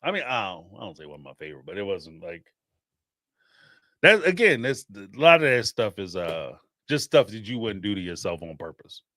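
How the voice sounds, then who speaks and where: A man's voice: on the low side, fairly quick, no room sound, studio quality. A middle-aged man hosting a podcast, telling rambling, laughing stories in a casual chat. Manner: laughing, rambling, animated storytelling. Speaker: podcast host.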